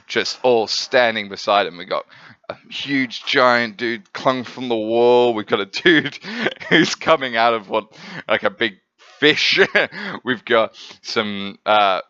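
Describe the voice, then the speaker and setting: A man's voice: on the low side, sharp tone, clean tone, no echo, lo-fi sound. A man reviewing a comic in a rambling, filler-heavy casual chat.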